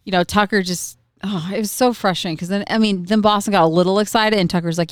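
A woman's voice: medium pitch, fast talker, no room sound, studio quality. A woman in her thirties, a podcast co-host telling stories in casual chat and acting out her kids' voices. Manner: animated storyteller, acts out her kids' voices.

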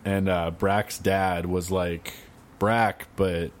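A man's voice: deep voice, flat delivery, very slow. A man co-hosting a casual podcast, dry and rambling, with frequent laughs. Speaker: podcast co-host. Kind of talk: casual chat.

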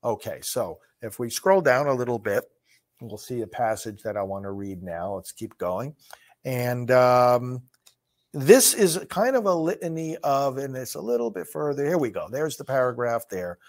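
A man's voice: medium pitch, sing-song. A man hosting a solo political commentary show, reading from a speech and discussing it emphatically, often repeating words and restarting phrases. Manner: reads quoted lines slowly and forcefully.

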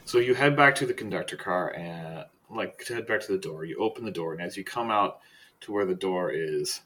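A man's voice: sits low, bright, forceful tone, poor audio. Man running a tabletop game, casual. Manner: casual, halting with fillers. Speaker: game master.

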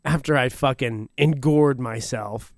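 A laid-back man in casual podcast chat who laughs easily and throws in crude jokes. He talks at a middling pitch, close to the mic, and the sound is dry. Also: a little slow, no echo. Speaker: podcast co-host.

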